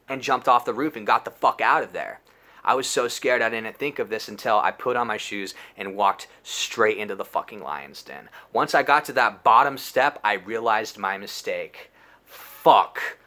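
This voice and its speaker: A man in his twenties telling a crude personal story, slangy and animated, full of dude and bro. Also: medium pitch. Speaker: storyteller vlogger. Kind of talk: casual storytime monologue.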